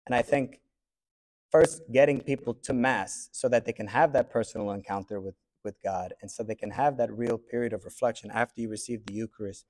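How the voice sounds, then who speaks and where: A man teaching a class, thinking aloud in a reflective way with pauses. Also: mid-range voice, fairly even intonation, a little mellow. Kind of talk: classroom discussion.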